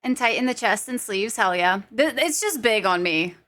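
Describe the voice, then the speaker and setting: A woman's voice: on the high side, expressive, normal speed, fairly bright tone. A young adult woman streamer chatting casually with her viewers. She giggles often and swears freely.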